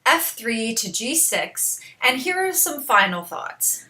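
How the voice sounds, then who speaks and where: A woman in her twenties gives a calm, scripted voice-over straight to the viewer. Her voice is bright and sits slightly high. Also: takes it slowly. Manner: calm and direct, addressing the viewer. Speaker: singer and voice teacher.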